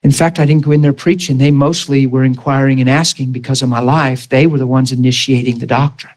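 A pastor's sermon turns to a personal anecdote, and he voices the people in it, his pitch rising and falling through the dialogue. His voice is medium-pitched, steady, slightly mellow and a little quick, on a low-quality recording.

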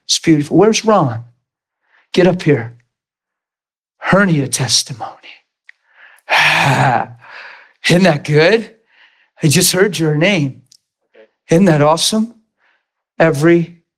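A man preaching a sermon, telling a healing story with lively acted-out quotes. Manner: animated storytelling, acts out quotes in high excited voice.

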